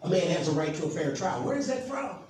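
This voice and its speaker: A pastor preaching a sermon, emphatic and asking the congregation questions. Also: male voice, on the high side, big pitch swings, fast talker, a little mellow. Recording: echoey hall from far off, faint noise.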